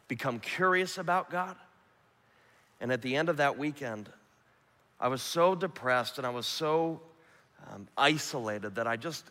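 A man preaching a sermon, earnest, swinging from emphatic to hushed and soft. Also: medium pitch. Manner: earnest, rising to emphatic then dropping to hushed. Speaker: pastor. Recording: long hall reverb.

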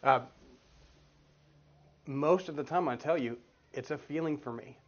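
A man's voice: on the high side, unhurried. A man in his forties giving a casual, earnest teaching talk to a church group, telling stories with many restarts. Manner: earnest, storytelling with frequent restarts. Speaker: guest speaker at a church group. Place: meeting room with children's group next door. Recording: dull lo-fi room recording.

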